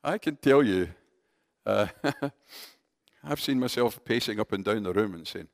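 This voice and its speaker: Man, preacher, conversational sermon, animated delivery, dry recording. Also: fairly low pitch, a little slow, vocal fry, long pauses, no echo. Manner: conversational, animated, addressing the congregation as folks.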